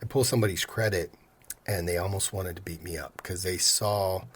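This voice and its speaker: Low-voiced man telling lively stories. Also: normal speed, breathy edge. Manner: animated storyteller, acts out customers' lines. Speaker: mortgage loan officer, podcast guest. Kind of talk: casual storytelling interview.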